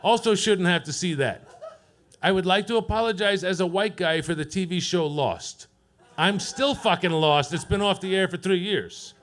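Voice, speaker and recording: A man doing a profane stand-up set at an open mic, deadpan and teasing the crowd. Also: sits high, normal speed. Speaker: stand-up comedian. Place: comedy club stage.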